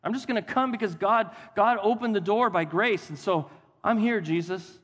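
A man preaching a sermon as pastor, animated and acting out the voices of Bible figures for his congregation. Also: sits high, a little fast, husky. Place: church sanctuary. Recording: long hall reverb.

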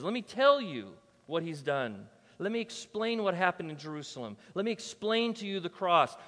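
A man preaching a sermon as pastor, emphatic and conversational, swinging between loud declarations and soft, quiet asides. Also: high-pitched, long reverb tail. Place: church.

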